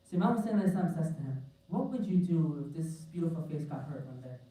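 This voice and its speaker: Dark-voiced man preaching in an echoey hall. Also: on the high side, fast talker. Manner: impassioned, retells quotes with pleading intensity. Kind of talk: mourning sermon, emotional storytelling. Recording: echoey hall, mic far off.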